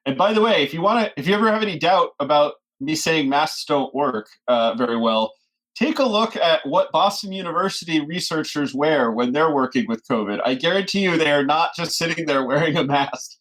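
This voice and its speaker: A man's voice: on the high side, animated, a little fast, a bit bright, poor audio. A man chatting as a podcast guest, joking and laughing often as he talks. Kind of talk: casual podcast chat.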